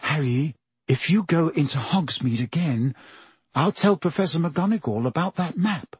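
A man's voice: a little high, animated, normal speed, slightly rough, no room sound, voice pushed up. A male narrator voicing a bossy, clever teenage girl who speaks insistently and earnestly.

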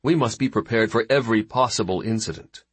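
A man voicing a seasoned male fleet admiral who speaks in a measured, wry way. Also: on the low side, husky, dry recording.

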